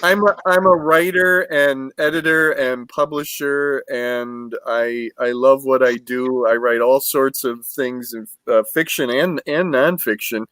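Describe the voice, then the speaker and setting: Man, northern us accent, jokey, laughs a lot, middle pitch, dry close sound. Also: unhurried, hardly any pauses, fairly bright tone, no echo. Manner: jokey, laughs often, stumbling starts. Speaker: writer and editor, panel guest. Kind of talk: casual video panel chat. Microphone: video call.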